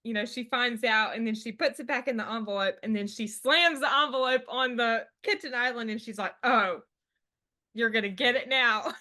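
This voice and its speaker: A woman with a bright, forceful, somewhat high voice hosts a casual podcast chat. She recaps scenes with chatty enthusiasm. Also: fairly quick, few pauses. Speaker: podcast host.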